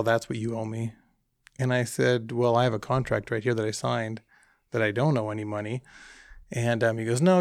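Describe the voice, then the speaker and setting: A man casually telling an animated travel anecdote, acting out the dialogue as he goes. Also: mid-range voice, vocal fry, no echo, clean studio sound. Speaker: hunting trip guest telling a story. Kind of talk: casual storytelling.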